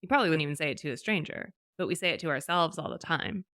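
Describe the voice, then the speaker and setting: A woman's voice: low-pitched, animated, rapid-fire, a bit bright, dry recording, studio quality. A woman co-hosting a podcast, chatting casually and acting out the voice of self-talk. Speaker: podcast co-host.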